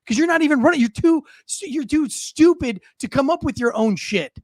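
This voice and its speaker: A man with a very high-pitched voice rants as podcast host, heated and profane. He stumbles and repeats himself as he works himself up. The sound is dry and close. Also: animated, fairly quick, dry recording. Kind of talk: ranting commentary.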